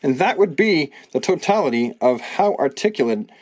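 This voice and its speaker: A man's voice: fairly high pitch, expressive, moderate pace, darkish tone. A man in his thirties casually reviewing action figures, chatty and enthusiastic with joking asides. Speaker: toy reviewer.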